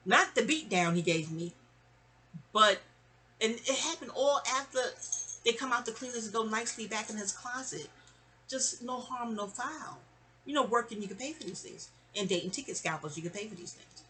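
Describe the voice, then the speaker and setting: A chatty woman from New York City tells stories in a casual, venting storytime, animated and prone to digressions. Her voice is medium-pitched at a moderate pace.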